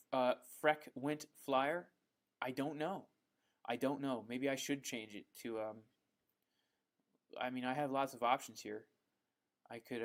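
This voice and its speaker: A man hosting a live stream, reading out viewer questions and answering them in a relaxed, chatty way, with frequent ums and the odd "bro". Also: mid-range voice. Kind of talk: casual live Q&A chat.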